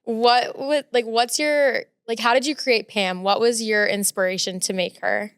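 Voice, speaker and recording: A woman's voice: on the high side, steady tone, a little slow, a bit bright, clean tone, no echo, clean studio sound. A woman co-hosting a podcast, upbeat and asking the guest questions. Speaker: podcast co-host. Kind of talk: casual podcast interview.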